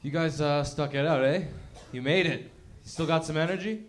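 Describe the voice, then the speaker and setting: A stand-up comic, a man with a slightly raised pitch, rambling loosely with lots of pauses and fillers and teasing the room. His delivery feels offhand and unpolished. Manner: loose, halting, crowd-teasing. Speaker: guest comedian. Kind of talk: stand-up comedy. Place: comedy club stage.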